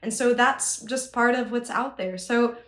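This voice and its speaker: A woman working as a relationship coach, talking in a thoughtful, measured, analytical way in a podcast discussion. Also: a little high, reverberant.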